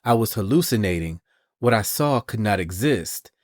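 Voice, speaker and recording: A regal heroine speaks with grave formality, as a man reads her lines aloud. The tone is low and measured, and the dry, close podcast mic leaves no room sound. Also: animated, no room sound, natural voice. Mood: solemn. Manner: grave, formal comic-book dialogue read slowly. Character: regal, solemn weather-goddess heroine, adult woman.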